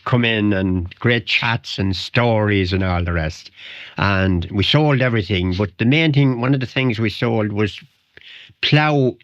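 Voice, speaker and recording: Older irish guy with a wicklow accent, lowish voice, rambling old stories, dull dry radio sound. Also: measured pace, fairly bright tone, dry recording. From Ireland. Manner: rambling anecdotal storyteller, chuckles often. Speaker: interview guest. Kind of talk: radio interview, storytelling. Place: radio studio. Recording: dry, dull 1990 radio studio recording.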